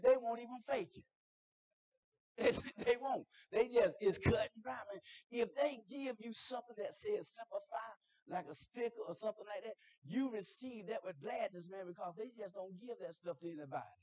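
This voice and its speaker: High-voiced preacher, church sermon. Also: male voice, moderate pace, dry recording. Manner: conversational storytelling that builds to shouted preaching; asks the congregation questions. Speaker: guest preacher, military chaplain.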